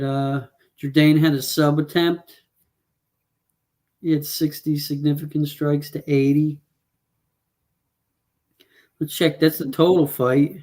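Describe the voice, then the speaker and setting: This co-host's voice sits a little high and sounds a little mellow. On a relaxed show about fight predictions, he rambles over the numbers, checking them out loud with frequent fillers.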